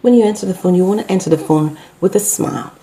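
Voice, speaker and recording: A woman's voice: on the low side, quick pace, warm tone. A middle-aged woman and business owner, teaching customer service in an unscripted talk, hesitant with many fillers and self-corrections.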